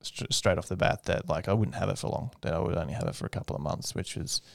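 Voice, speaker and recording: A young man, a guest in a casual interview, telling his story with animation and jumping into a high voice to mimic people he quotes. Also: fast talker, gravelly, dry recording, studio quality. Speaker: aerospace engineer guest.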